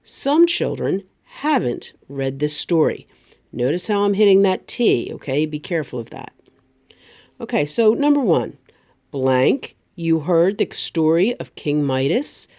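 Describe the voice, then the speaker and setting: A woman teacher, giving a remote grammar lesson to young students and speaking slowly, over-enunciating each word. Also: low-pitched, lively intonation, dark tone.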